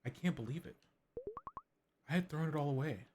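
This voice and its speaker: A man's voice: a little high, fairly quick, noisy background, natural voice. A man voicing a tired, defensive mother in a video game, over game music. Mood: regretful.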